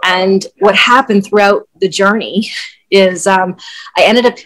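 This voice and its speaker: A middle-aged woman speaks as a podcast guest, her voice pitched in an ordinary middle range. She tells her personal story in a candid, conversational way, dotted with "like" and "um". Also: unhurried, a bit bright, low-quality recording. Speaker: guest, wellness coach.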